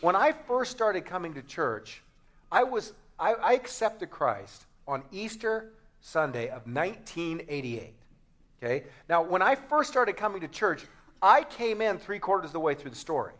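Joking pastor preaching. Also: male voice, sits high, big pitch swings, moderate pace, a bit bright. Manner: conversational and joking, with restarts. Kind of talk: sermon. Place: church before a congregation.

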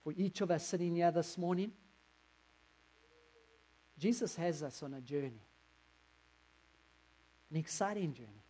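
Earnest male preacher, slightly high voice. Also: unhurried, long pauses, mellow, low-quality recording. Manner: earnest, direct address to the congregation. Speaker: pastor. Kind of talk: sermon.

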